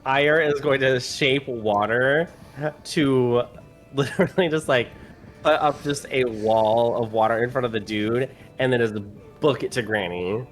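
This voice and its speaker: Slow, hesitant man. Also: medium pitch, soft background music. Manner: hesitant, lots of ums. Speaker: tabletop player. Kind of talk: casual play chat.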